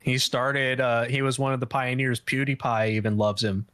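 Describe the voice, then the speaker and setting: A man's voice: medium pitch, level tone, moderate pace, fairly bright tone, no room sound. A man guest gossiping on a stream, blunt and rambling, swearing often. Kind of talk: casual gossip chat.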